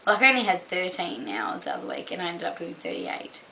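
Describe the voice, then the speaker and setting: A woman's voice: fairly low pitch, wildly swooping pitch, brisk, gravelly, pushed and bright, a little hiss or hum, poor audio. A young Australian woman vlogging casually to camera, rambling with lots of "um" and "like". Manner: rambling, full of "um" and "like".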